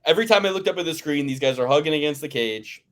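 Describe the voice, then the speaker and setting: A man's voice: fairly high pitch, animated, fast, a bit bright. A man from the Philadelphia area rambles through a casual sports chat. He rants hard, swears freely and restarts his sentences often. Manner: ranting, profane, rambling with restarts. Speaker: podcast host.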